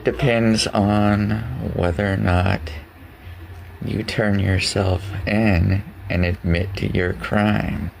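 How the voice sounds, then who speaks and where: A man's voice: fairly low pitch, little pitch movement, slow, vocal fry, slight background noise, rough recording. An actor playing a stern man who accuses another of murder, blunt and unbending. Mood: accusing.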